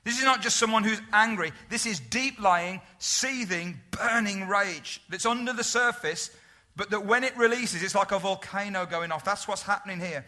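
Casting: man preaching, high and very bright voice, emphatic, keeps firing questions at the room. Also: normal speed. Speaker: pastor. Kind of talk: sermon.

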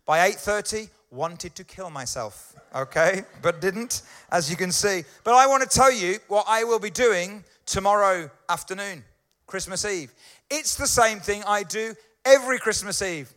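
A man's voice: high-pitched, unhurried, pushed and bright. A middle-aged man giving a conversational sermon, often checking in with his listeners. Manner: chatty, keeps checking in with listeners. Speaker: pastor.

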